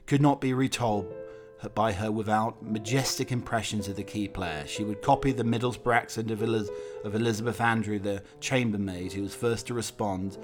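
A man reading a scripted documentary narration in a measured, anecdotal storytelling way. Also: fairly low pitch, fairly even intonation, over music.

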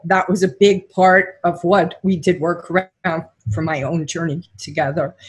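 A woman's voice: lowish voice, husky. A woman co-hosting a podcast interview, speaking candidly about her own experience. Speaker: podcast co-host.

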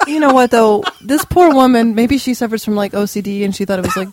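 Teasing podcast co-host, swears freely, eggs on the jokes. Mid-pitched, faint background hiss. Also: fast talker. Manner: teasing, laughs often, swears. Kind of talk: casual crude banter.

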